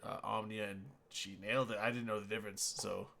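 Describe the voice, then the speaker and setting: Male co-host, chatty, self-deprecating, bright tone. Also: lowish voice, level tone, fast, creaky. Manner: rambling, laughs easily, self-deprecating. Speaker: podcast co-host. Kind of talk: casual chat.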